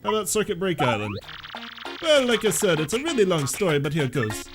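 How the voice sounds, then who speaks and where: A man putting on a deliberately poor Italian accent to voice a boastful young plumber telling a story, chummy and calling the listener bro. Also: high voice, huge pitch swings, music in the background. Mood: boastful storytelling. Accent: mock Italian. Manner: chummy, says bro a lot.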